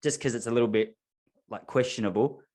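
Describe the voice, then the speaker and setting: Aussie male podcast host, quick rambling anecdotes, self-deprecating. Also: mid-range voice, darkish tone. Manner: rambling anecdotal storytelling with self-mocking humor. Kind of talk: casual chat.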